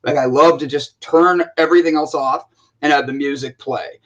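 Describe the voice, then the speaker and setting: A man with an American accent co-hosting a casual chat, telling stories in an animated way with many restarts. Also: on the high side, moderate pace, lo-fi sound. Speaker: co-host.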